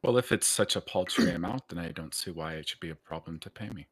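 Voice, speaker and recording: Guy playing a sharp haggling mercenary, real deep voice, cool and pointy. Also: quick pace, slightly rough. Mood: shrewd. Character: shrewd male adventurer driving a hard bargain. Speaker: tabletop player.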